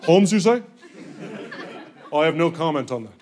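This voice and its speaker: A man's voice: fairly high pitch, lively intonation, normal speed, a little mellow, some chatter behind, voice pushed down, lightly acted. A man putting on the voice of a stiff, formal job interviewer, speaking with haughty mock seriousness. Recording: live audience laughter around.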